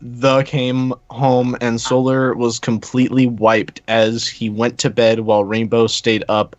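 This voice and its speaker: A man's voice: mid-range voice, little pitch movement, a little slow, dry recording, dull audio. A man hosting a comedic read-through of a fan fiction, reading aloud in a casual, sardonic way and swearing freely.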